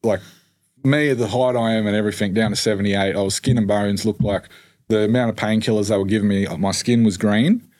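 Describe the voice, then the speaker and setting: Aussie bloke, lowish voice, swears heaps, lots of ums and likes. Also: male voice, fairly even intonation, brisk, a little mellow. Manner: swears freely, many fillers. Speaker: podcast guest. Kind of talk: casual storytelling.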